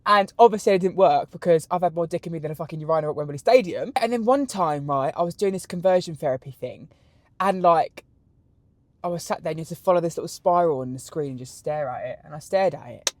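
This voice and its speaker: A man's voice: fairly high pitch, fast talker, no room sound. Brief: British man in his 20s, podcast host, camp and crude, close dry mic. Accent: British English. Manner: animated, crude, camp storytelling. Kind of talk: solo podcast answering questions.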